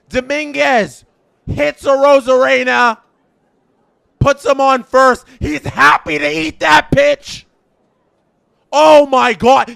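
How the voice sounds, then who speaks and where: A man streaming a live fan reaction, calling the action in an announcer style and swinging between emotional shouts and stunned murmurs. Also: extremely high pitch, slow pace, vocal fry, clean tone, no room sound, clean studio sound. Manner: announcer-style play-by-play call.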